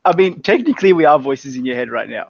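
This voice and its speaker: A man's voice: mid-range voice, lively intonation, quick pace, gravelly, highs cut off, slight background noise. A man with an Australian accent co-hosting a podcast, talking reassuringly to the viewers in casual banter. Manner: reassuring, talks straight to viewers. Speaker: podcast co-host.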